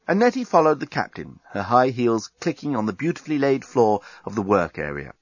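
A man reads a comic novel aloud in a wry, measured way, his voice rising and falling with plenty of life. The sound is dry and close, a little dull on top. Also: mid-range voice, very animated, no echo. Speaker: audiobook narrator. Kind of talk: scripted narration.

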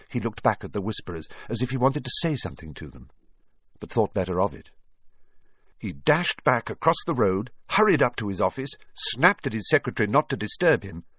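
A man narrates a storybook with a low, husky voice that rises and falls in a lively way. He shifts his voice to follow the story, recorded close and dry. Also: dry recording. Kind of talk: storybook reading.

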